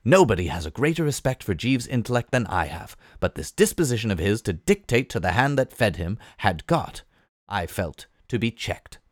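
Expressive man reading a comic novel. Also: lowish voice, normal speed, no echo, studio quality. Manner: lively, expressive storytelling. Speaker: reader.

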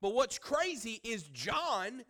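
A man's voice: very high-pitched, big pitch swings, slow, fairly bright tone. A man preaching a sermon as pastor. He speaks emphatically, repeats his phrases and asks the congregation questions.

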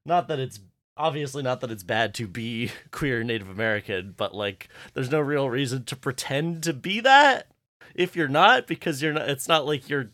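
A man's voice: mid-range voice, lively intonation, normal speed, pushed and bright, no room sound. A young man co-hosting a fan podcast in casual chat, hesitant and thinking aloud. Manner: hesitant, many fillers and restarts. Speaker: podcast co-host.

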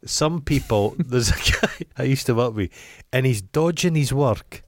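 A Scottish man co-hosting a podcast in casual chat, trading crude, deadpan banter. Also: medium pitch, a little slow, slight background noise. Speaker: podcast co-host.

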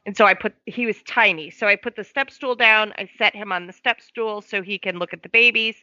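A woman's voice: mid-range voice, a little fast, dry recording, highs cut off. A woman, a foster parent, telling a story in conversation and acting out the quoted dialogue. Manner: lively, acts out quoted dialogue.

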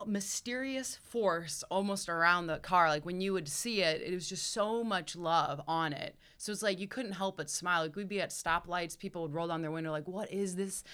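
Low-voiced young woman telling stories. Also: normal speed, few pauses, clean tone. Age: young adult. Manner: expressive, acts out quotes with big jumps in loudness. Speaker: guest. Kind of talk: animated storytelling.

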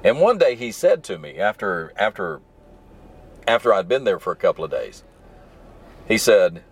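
Low male voice, mild Southern accent, relaxed solo podcast host chatting from his truck, wandering off on asides. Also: moderate pace, breathy edge. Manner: rambling, easygoing, digressive. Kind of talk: casual solo storytelling while driving. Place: in his truck stuck in traffic.

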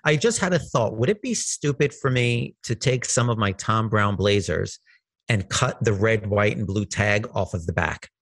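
A man's voice: lowish voice, expressive, moderate pace, fairly bright tone, slightly rough. A man hosting a casual interview, asking eager questions and joking about himself. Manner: eager, chatty, self-deprecating questions. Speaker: interview host.

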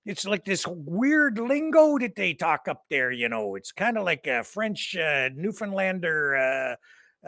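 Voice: mid-range voice, fairly bright tone, no echo, studio quality. A co-host of a livestream news show, rambling through joking satirical commentary with mock outrage and lots of fillers. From Canada.

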